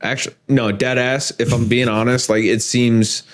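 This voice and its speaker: A young man hosting a podcast, telling a story in a casual, profane, animated way with frequent laughter. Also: medium pitch, normal speed. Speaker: podcast host.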